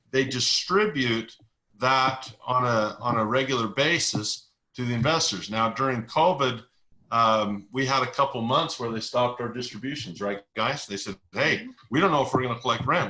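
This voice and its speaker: A man's voice: medium pitch, bright, forceful tone, low-quality recording. A middle-aged man in an interview, explaining investing ideas with analogies and stories and repeating key words for emphasis. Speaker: investing educator, interview guest. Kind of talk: conversational explanation.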